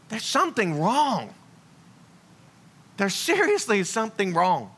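A man preaching with a high, bright voice that jumps all over the place. His delivery is blunt and playful, full of jokes and sudden emphasis. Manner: lively, joking, blunt preaching with sung snippets. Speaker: pastor. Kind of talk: sermon.

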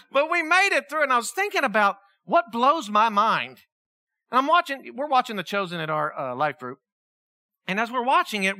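A preacher delivers a sermon with an animated, swooping delivery and a bright, forceful tone. The preacher retells the scene as if it were happening now and keeps asking the listeners to imagine it. The sound is dry, with almost no room echo. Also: medium pitch. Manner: storytelling, acts out the people in the story; asks the listeners many questions.

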